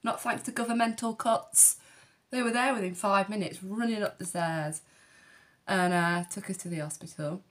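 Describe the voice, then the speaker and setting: A woman's voice: mid-range voice, normal speed. A woman, telling a personal story candidly and bluntly, with rambling asides and frequent swearing. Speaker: vlogger.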